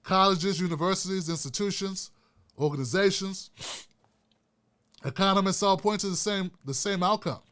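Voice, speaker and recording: A man's voice: high-pitched, normal speed, long pauses, fairly bright tone. A man hosting his own commentary show, speaking with passion, often repeating and restarting phrases for emphasis and talking straight to his viewers. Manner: addresses viewers directly and casually. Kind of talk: impassioned political commentary.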